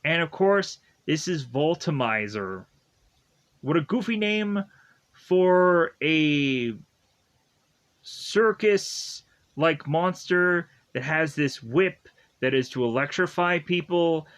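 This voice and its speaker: Young guy rambling thru an episode recap, kinda high voice, says "like" a ton, laid back slow pace. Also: expressive, fairly bright tone. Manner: rambling, full of "like" fillers, chuckles often.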